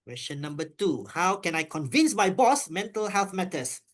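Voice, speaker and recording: A man's voice: high voice, sing-song, normal speed. A man moderating an online class over a video call. He reads questions out and coaxes the students to answer, mixing English and Malay. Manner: coaxing, mixes English and Malay.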